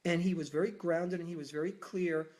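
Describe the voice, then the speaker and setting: Man, host, live talk, storytelling, animated delivery, acts out the other voices. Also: a little high, brisk. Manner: animated, acts out quoted dialogue.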